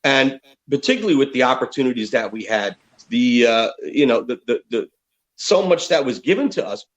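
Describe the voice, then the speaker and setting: Recorded in lo-fi sound, a man in his fifties from the United States speaks at medium pitch and a moderate pace. He's a rock musician guesting on an interview, telling profane, candid stories with animated energy.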